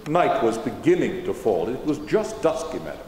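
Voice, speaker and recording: Here the same first-person portrayal of Washington, a dignified older statesman, uses big pitch swings in a mid-range, slightly mellow voice at normal speed. The man keeps to formal eighteenth-century phrasing. Recorded in a large, reverberant auditorium, the audio is poor, with slight background noise.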